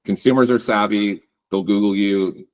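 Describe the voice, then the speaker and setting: A man giving a casual webinar talk on real estate branding, relaxed and loose with lots of ums and likes. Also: fairly low pitch, normal speed. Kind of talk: webinar presentation.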